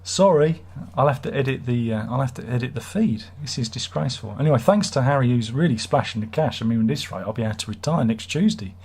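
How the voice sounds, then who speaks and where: Bloke doing a rambly live stream, husky voice, reading out chat and joking about himself. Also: male voice, medium pitch, animated, fast, few pauses, darkish tone. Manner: rambling, jokey, self-mocking. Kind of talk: casual live chat reading viewer comments.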